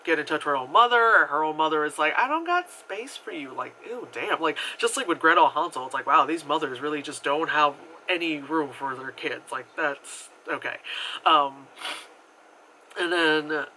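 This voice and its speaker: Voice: medium pitch, moderate pace, pushed and bright, slight background noise, low-quality recording. A movie reviewer retelling a film in a casual, rambling way, full of "like" and swearing freely. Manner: rambling, filler-heavy retelling with frequent "like"; swears freely and acts out quoted characters.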